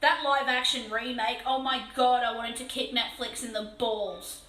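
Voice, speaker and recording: An Australian woman chatting casually on a live stream while painting a model, excitable and swearing freely. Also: a little high, moderate pace, reverberant, faint music behind, poor audio.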